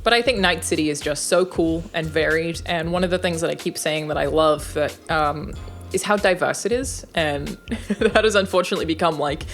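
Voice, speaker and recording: A woman's voice: low voice, a little fast, faint music behind. A young woman chatting casually as an interview guest, talking about voice acting with plenty of fillers and laughs. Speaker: interview guest, game voice actor.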